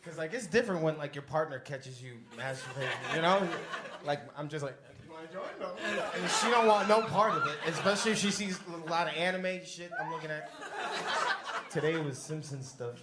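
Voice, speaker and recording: This young man's stand-up set in a basement comedy club is loose, rambling and profane, with plenty of crowd work. He speaks briskly in a fairly high voice, and the very noisy recording captures the echoey room and audience laughter.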